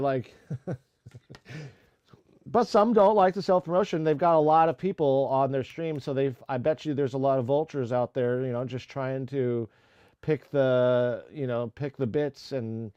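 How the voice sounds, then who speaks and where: A man hosts a casual live stream about making music, wandering from thought to thought with lots of fillers and restarts. His voice sits at an ordinary pitch. The recording is dry and dull, with a muffled lo-fi quality. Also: darkish tone, smooth, no room sound. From United States. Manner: rambling, with many fillers and restarts. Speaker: music-producer streamer hosting a chat.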